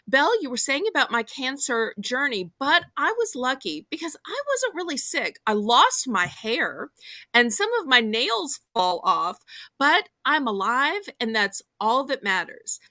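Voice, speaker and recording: A Southern woman with a high, bright voice hosts a live stream and reads viewer messages aloud. She sounds upbeat, and her pitch rises and falls a lot. The sound is dry and close. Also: very animated, measured pace, no echo. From American South. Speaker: host. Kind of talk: live-stream chat, reading viewer comments.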